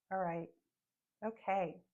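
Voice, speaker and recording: A young woman guiding an energy-healing meditation, speaking softly and slowly while emotional and crying. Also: medium pitch, phone-quality sound. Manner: soft, slow and tearful. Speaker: meditation guide. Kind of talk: guided meditation.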